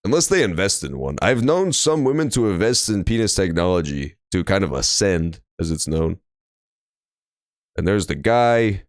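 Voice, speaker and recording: A young man rambles and jokes crudely while streaming a courtroom game as casual let's-play commentary. His voice sits low. The recording has no room sound, in a dry room with faint game music.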